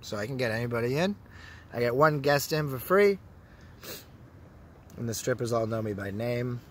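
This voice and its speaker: Canadian man, young adult, profane casual rant, bright tone, lively swings in pitch, faint background noise. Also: normal speed. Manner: swearing, rambling, laughing to himself. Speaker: vlogger. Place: indoors, public place with other people around.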